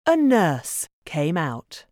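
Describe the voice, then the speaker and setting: Woman storyteller for a picture book: very slow, lively melody. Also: low-pitched. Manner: slow, clear, expressive. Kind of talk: children's book read-aloud.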